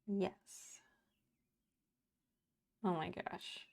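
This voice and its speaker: A woman in her thirties chats on a live stream, rambling and swearing freely as she reads her chat aloud. Her voice is gravelly with a dark, mellow tone. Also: fairly low pitch, fairly even intonation, very slow. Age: 30s.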